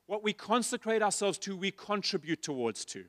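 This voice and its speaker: Man, pastor, passionate sermon, rhetorical questions, high voice. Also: animated, normal speed, fairly bright tone, no room sound, clean studio sound. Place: church.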